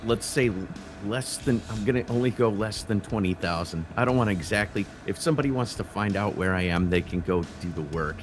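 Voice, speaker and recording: A man's voice: fairly low pitch, a little fast, hardly any pauses, soft background music. A man from Illinois, a guest on a livestream, telling stories in a plain-spoken, earnest way. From Illinois, USA. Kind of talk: casual chat.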